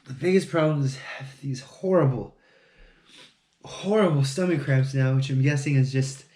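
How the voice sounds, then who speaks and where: In an echoey room, a man with a mid-range, slightly mellow voice speaks at normal speed in a casual solo vlog as he builds. He mutters to himself, pokes fun at himself, and swears a lot.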